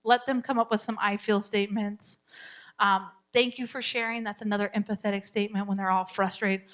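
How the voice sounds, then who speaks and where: A middle-aged woman teaching a parenting class in a church, chatty and laughing, sometimes dropping to a soft whisper to show a calm tone. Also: mid-range voice, fairly quick. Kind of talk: live class talk.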